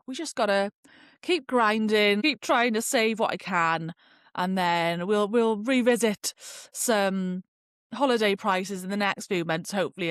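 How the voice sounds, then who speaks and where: A woman's voice: medium pitch, dry recording. Woman, young, solo podcast host; rambling, filler-heavy chat, dry close sound. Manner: chatty and rambling, full of "like" fillers.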